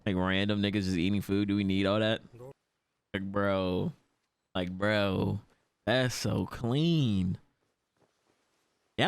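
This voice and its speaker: A man reacting to an anime episode in casual commentary, swearing and laughing often and jumping into high yelps when startled. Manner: frequent laughter and profanity.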